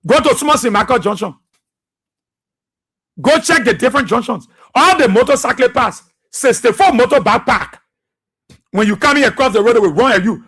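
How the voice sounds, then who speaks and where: High-voiced husky Liberian radio host, bright and fiery, preacher-like repeats. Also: male voice, brisk. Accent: Liberian English. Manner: fiery, repetitive, preacher-like delivery. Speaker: radio talk show host. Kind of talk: impassioned political commentary.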